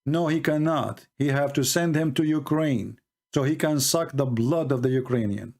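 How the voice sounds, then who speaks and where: A man with a medium-pitched, slightly mellow voice talks at a moderate pace in live call-in debate commentary on religion and politics. Speaking non-native English, he is combative and mocking, firing off rhetorical questions.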